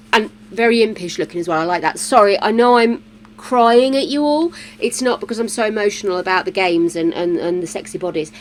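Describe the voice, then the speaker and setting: A British woman streams a game from a home room where a fan is running, chatting casually, playfully and with plenty of exclamations. Her voice is mid-range, with a little hiss or hum on the recording.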